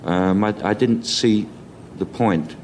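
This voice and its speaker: A man with a Cockney accent, reflecting in an interview and pausing with many ums. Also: on the low side, a little mellow, a little hiss or hum. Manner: hesitant, many ums and restarts. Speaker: interview guest.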